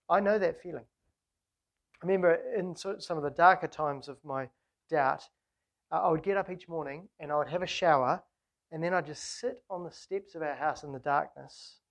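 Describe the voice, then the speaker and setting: A woman preaching a sermon, speaking earnestly with rhetorical questions and emphatic repetition. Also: fairly low pitch. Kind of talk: sermon on a psalm.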